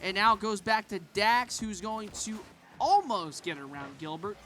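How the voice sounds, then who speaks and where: A young man casting an esports match, chatty and joking, shouting at the big plays. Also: high-pitched, expressive, moderate pace, a little hiss or hum. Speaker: esports caster. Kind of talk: play-by-play game commentary.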